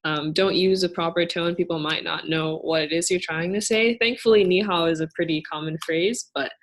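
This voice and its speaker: Young woman student presenter, lowish voice, careful and explanatory. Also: moderate pace. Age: young adult. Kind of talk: casual educational explanation.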